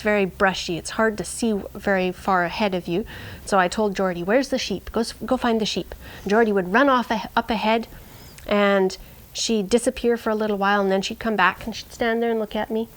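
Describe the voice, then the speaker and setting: A woman shepherd telling a personal story in an earnest way, dropping to a hush at tense moments. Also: medium pitch, rough recording.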